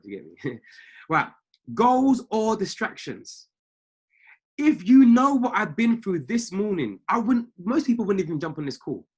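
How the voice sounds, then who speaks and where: Husky-voiced man giving a preachy coaching talk. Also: fairly high pitch. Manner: preachy, emphatic, repeats key phrases. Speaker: trading mindset coach. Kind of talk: motivational live coaching call. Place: indoors at a family home.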